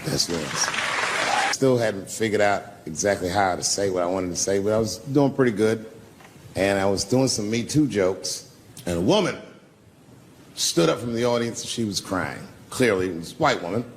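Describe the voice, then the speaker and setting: On a comedy club stage before a live audience, a man does stand-up, spinning loose, profane stories and trading banter with the crowd. His voice is lowish and expressive at a moderate pace, with slight background noise.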